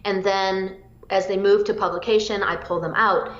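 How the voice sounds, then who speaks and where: Woman, psychologist guest, energetic and chatty, mid-pitched, echoey lo-fi recording. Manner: energetic, eager, rapid bursts. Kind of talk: interview answers. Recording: roomy, dull lo-fi audio.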